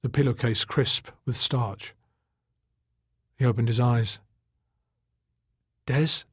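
A man narrating an audiobook in a measured, dramatic storytelling manner. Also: mid-range voice, steady tone, slightly rough, no room sound, clean studio sound.

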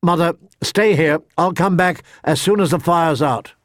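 A man voicing a gentle, steady teenage lord. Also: measured pace, dry recording, studio quality, close to an everyday voice. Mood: urgent. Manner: calm, gentle, low reassurance.

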